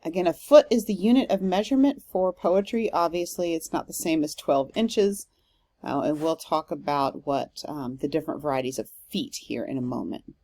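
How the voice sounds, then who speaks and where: A woman's voice: sits low, animated, moderate pace, dark tone, dry recording. A woman professor giving a recorded literature lecture, explaining step by step with frequent "um" fillers.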